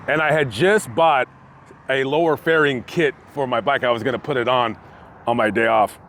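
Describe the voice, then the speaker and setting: Standing by a busy street, a man with a mid-range voice tells a storytime vlog at a moderate pace, animatedly acting out the quotes. Passing traffic creates faint street noise in the outdoor recording.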